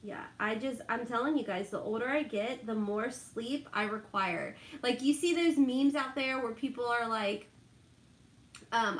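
A woman's voice: fairly high pitch, fairly bright tone, echoey room, slight background noise. A middle-aged woman, chatting casually and laughing a lot with live viewers while doing her makeup. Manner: chatty, laughs often, reads out viewer names.

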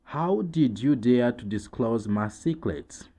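A man with a Rwandan accent teaching English vocabulary, saying each word twice in a slow, deliberate drill and then translating. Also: mid-range voice, lively intonation, mellow.

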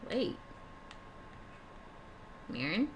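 A young woman streaming a game live, chatting casually to viewers, often laughing and swearing. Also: very slow. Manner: laughs often, swears freely, talks to chat. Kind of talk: casual live-stream chat while gaming. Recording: faint background noise.

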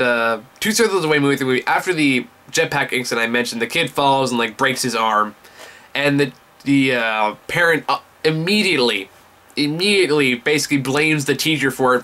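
A man's voice: mid-range voice, pushed and bright. A young man giving a casual vlog movie review, enthusiastic and rambling, swearing often.

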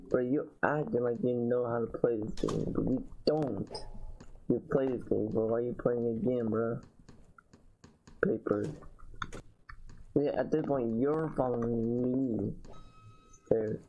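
A man's voice: medium pitch, lo-fi sound, slight background noise. A man giving casual let's-play commentary, chatty and slangy, talking to fellow players. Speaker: gamer.

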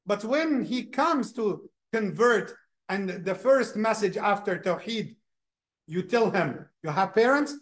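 High-voiced man giving an animated mosque lesson. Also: slow. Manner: animated, repeats words, acts out people. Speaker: imam.

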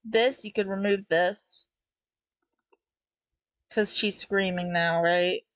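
A young woman reviews a comic out loud, chatty and critical, with laughs between her remarks. Her voice is mid-pitched and sits in a dry, close recording with no room sound. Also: fairly even intonation, slow pace, no echo. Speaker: webtoon reviewer. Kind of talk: casual commentary while reading.

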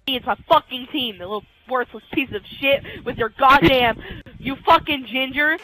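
High, shrieking, swearing woman gamer. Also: moderate pace, fairly bright tone, slight background noise, low-quality recording. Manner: screaming, swearing, shrieking at the game; mutters low under her breath between outbursts. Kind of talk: raging live gameplay commentary.

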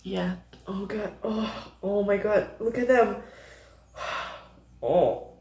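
A young woman hosting her own reaction channel, gushing excitedly and swearing freely as she reacts emotionally. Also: medium pitch, takes it slowly. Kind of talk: casual reaction commentary. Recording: echoey room, faint music behind.

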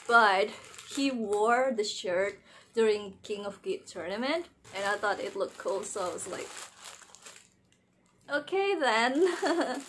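A young woman chatting casually through an unboxing vlog, very expressive and giggly, squealing with excitement. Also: mid-range voice, a little hiss or hum. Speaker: vlogger unboxing wrestling merchandise.

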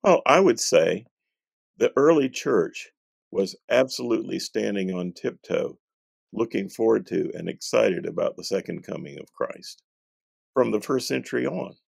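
A low-voiced man from North Carolina who talks like a seasoned preacher, leaning on key words with steady emphasis. His voice is heavily gravelly with a husky edge, and the sound is dry and close. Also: a little slow, no room sound. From North Carolina, USA. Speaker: guest Bible scholar. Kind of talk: thoughtful interview answers.

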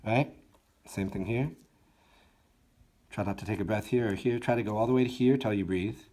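A man with a fairly low, mellow voice walks students through their school band part at a moderate pace. He counts aloud, sings the notes, and offers encouraging words as he teaches.

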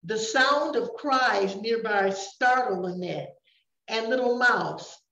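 Older woman reading aloud, unhurried, fairly high voice, roomy dull recording. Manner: slow, gentle reading. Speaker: grandparent storyteller. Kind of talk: reading a picture book aloud. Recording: echoey room, dull sound.

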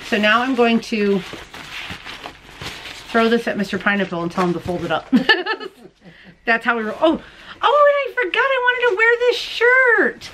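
A woman's voice: on the high side, sharp tone, slight background noise. A woman hosting a crochet and knitting show, chatting casually to camera as she opens mail at home, bubbly and gushing and often laughing. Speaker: crochet and knitting podcast host.

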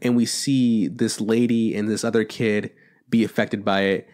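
A man's voice: on the low side, flat delivery, normal speed, a little mellow. A man co-hosting a podcast, rambling casually about a film he watched, and swearing a lot as he retells the scenes. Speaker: podcast co-host.

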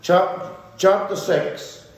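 A man's voice: high voice, fairly even intonation, drawn-out words. A male pastor preaching a sermon with fervent, repetitive, rhythmic build-ups. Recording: very echoey church hall, faint ambience.

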